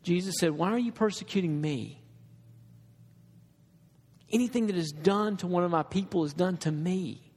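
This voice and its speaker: A man's voice: high-pitched, moderate pace, long pauses, darkish tone, big-room sound. A man preaching a sermon in an earnest, conversational way, with restarts and asides to the congregation.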